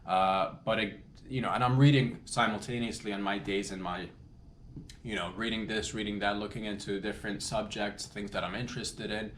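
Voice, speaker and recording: A man's voice: lowish voice, fairly even intonation, normal speed, a bit bright. Rambling man in an echoey room. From Canada. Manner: meandering, self-correcting, loose and jokey. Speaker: comedy podcast host. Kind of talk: rambling solo comedy monologue. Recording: echoey room with faint noise.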